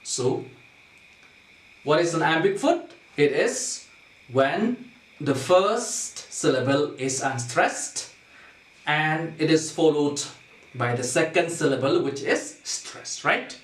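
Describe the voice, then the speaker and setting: Slow, echoey male teacher. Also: on the high side, expressive. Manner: slow, repetitive, checks understanding with "okay?". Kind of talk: classroom lesson on poetic meter. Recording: echoey room, distant mic.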